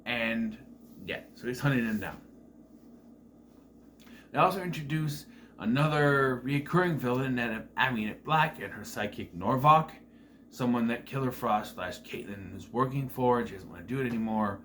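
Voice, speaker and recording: A man's voice: mid-range voice, normal speed, bright, forceful tone, slight background noise. Rambling man giving a casual TV review. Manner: rambling, with frequent fillers and self-corrections.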